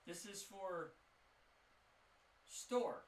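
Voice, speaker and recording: A man voicing a lonely, eccentric male village shopkeeper who jokes and talks theatrically in a tabletop game. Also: drawn-out words. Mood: teasing. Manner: high excited voice, joking and theatrical. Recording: echoey room, mic at a distance.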